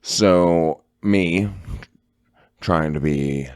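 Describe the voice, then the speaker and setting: An extremely deep-voiced man co-hosting a podcast, boisterous and swaggering, dropping swear words as he goes. His voice sits dry and close, with no room sound around it. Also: very slow, a little mellow, clean tone, no echo. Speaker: podcast co-host. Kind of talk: casual chat.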